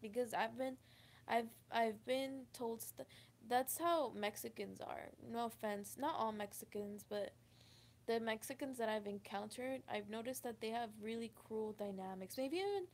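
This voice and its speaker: A woman telling a personal story to camera, halting and emotional, with many restarts. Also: a little high, slight background noise. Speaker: vlogger. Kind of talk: confessional storytime.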